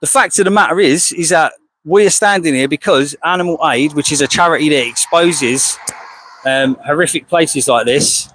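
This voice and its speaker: An English male animal rights activist stands outside a slaughterhouse, delivering a heated, combative monologue full of rhetorical questions and people being called "mate." He has a fairly high, slightly bright voice at a moderate pace, on poor audio with slight background noise.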